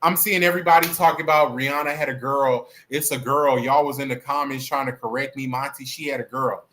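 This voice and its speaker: A man hosting a livestream, chatting in a sassy, animated, playful way about celebrity gossip. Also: medium pitch, fairly quick, a little hiss or hum. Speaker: livestream host. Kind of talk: casual celebrity gossip chat.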